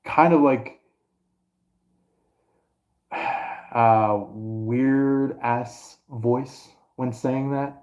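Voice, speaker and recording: A man's voice: mid-range voice, fairly even intonation, very slow, pauses often, muffled recording. A man doing a casual astrology reading to his viewers, rambling with many fillers and restarts. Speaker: astrology and tarot reader.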